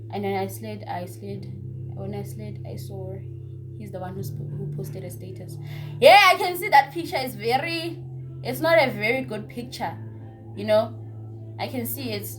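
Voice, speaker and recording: A young woman telling a casual story-time tale, chatty and repetitive, with hushed asides. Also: medium pitch. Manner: chatty, repeats words, drops into hushed asides. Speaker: vlogger.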